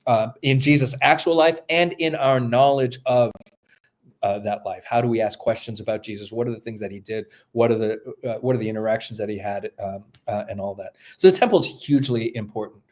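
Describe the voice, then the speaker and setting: A man of middle pitch explains ancient texts as a podcast guest. He lectures step by step, and his speech is dotted with fillers and false starts as he thinks aloud. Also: a little fast. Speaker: guest, New Testament scholar.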